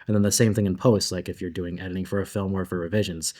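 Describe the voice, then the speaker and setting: Casting note: deep-voiced male designer, chatty and animated, convention panel guest. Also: quick pace. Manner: animated, chatty, laughs between thoughts, uses filler like "like".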